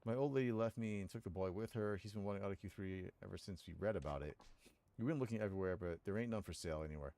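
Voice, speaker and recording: A man doing a gruff street-thug yakuza dad. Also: sits low, very fast, warm tone. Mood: pleading. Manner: tough street talk turning to pleading.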